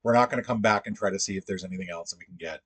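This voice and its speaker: Husky-voiced man thinking aloud. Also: deep voice, fairly bright tone. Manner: thinks aloud, halting and musing. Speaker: livestream puzzle host. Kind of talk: casual livestream chat.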